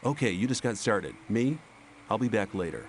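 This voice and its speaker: A man's voice: lowish voice, lively intonation, moderate pace, a little hiss or hum. An actor voicing a laconic, wary young male adventurer in a video game, with dry, understated delivery.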